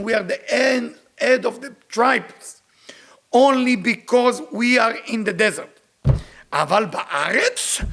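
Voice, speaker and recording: Emphatic teacher, man, gravelly. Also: sits high, bright, forceful tone. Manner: emphatic, repeats rhetorical questions. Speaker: Kabbalah teacher. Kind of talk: spiritual lecture reading and translating Hebrew text.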